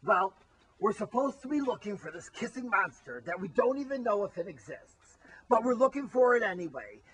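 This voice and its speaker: A man playing a whiny, food-obsessed grown man who complains and shouts, with a husky voice, in an amateur comedy spoof. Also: high voice, sing-song, normal speed, heavily acted, low-quality recording. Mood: complaining. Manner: whining, complaining, often shouting.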